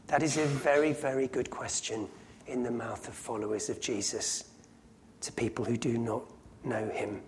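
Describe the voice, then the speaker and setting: Man, preacher, sermon, conversational storytelling, medium pitch, faint noise. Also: steady tone, normal speed. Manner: conversational storytelling with sudden loud acted cries.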